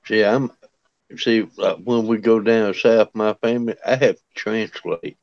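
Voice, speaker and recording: A man chatting slowly and easily as a guest on a livestream. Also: on the low side, fairly even intonation, creaky, a little mellow, dry recording, highs cut off. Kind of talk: casual livestream chat.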